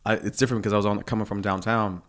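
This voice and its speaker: A man's voice: lowish voice, steady tone, racing, a bit bright. A man guest on a comedy podcast, telling stories in casual chat and laughing often.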